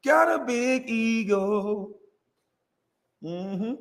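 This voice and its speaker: A man's voice: very high voice, vocal fry, fairly bright tone, long reverb tail. A man hosting a livestream, ranting boastfully and profanely and laughing often. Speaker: livestream host. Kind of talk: comedic livestream rant.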